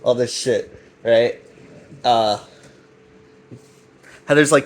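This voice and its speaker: A man's voice: mid-range voice, steady tone, unhurried. Man rambling through a profane plot recap. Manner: loose, profane, full of fillers and restarts. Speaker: web series recap host.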